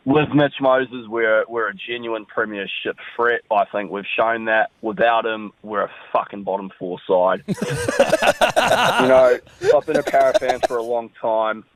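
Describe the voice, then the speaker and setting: A man's voice: on the low side, steady tone, normal speed, hardly any pauses. A man with a New Zealand accent calling in to a sports podcast, glum and candid, swearing about his team. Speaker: caller. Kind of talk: phoned-in voice message. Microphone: phone. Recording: tinny phone line.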